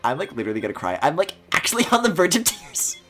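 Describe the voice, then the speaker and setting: A woman streaming a video game, chatting casually and swinging between loud squealing outbursts and low mutters, swearing often. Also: very animated, fast, faint music behind.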